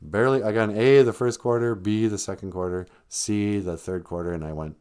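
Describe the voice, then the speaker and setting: A man's voice: lowish voice, expressive, moderate pace, a little mellow. A man hosting a live-stream podcast, chatting casually in a rambling way and laughing often. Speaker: podcast host.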